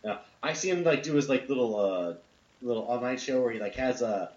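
Man, casual podcast co-host, halting laid-back talk, echoey room, dull muffled audio. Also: medium pitch, expressive, darkish tone. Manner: laid-back, halting, many fillers and laughs. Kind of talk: casual chat. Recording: roomy, dull lo-fi sound.

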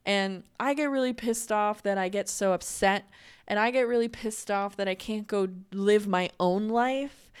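Young female host, casual candid chat, smooth clear tone, mid pitch. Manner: chatty and candid, many "like" fillers. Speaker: podcast host. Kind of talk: casual monologue.

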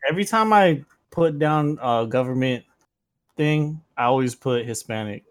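A man's voice: mid-range voice, expressive, moderate pace, clear, resonant tone, dry recording. Chill young guy on a podcast, swears a lot, says like a lot, dry sound. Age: young adult. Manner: laid-back, swears freely, filler-heavy. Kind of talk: casual chat.

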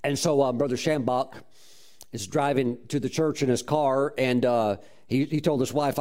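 A man preacher telling a story in a sermon, in an animated style with laughs and whoops between its beats. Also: mid-range voice, moderate pace.

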